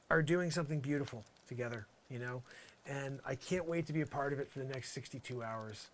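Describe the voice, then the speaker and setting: A brisk, medium-pitched man performs as a comedian doing a character monologue. His improvised rant rambles sarcastically, shifting between exasperated outbursts and muttered asides.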